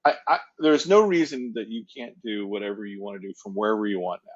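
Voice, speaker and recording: A man's voice: on the low side, quick pace, muffled recording. A male actor and producer as a guest, telling rambling, casual anecdotes with lots of restarts. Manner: rambling, repeats words and restarts.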